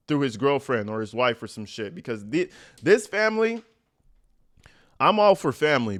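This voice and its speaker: A man's voice: medium pitch, a bit bright. A man hosting a reaction channel, reading letters aloud and breaking in with blunt, profane, mocking commentary.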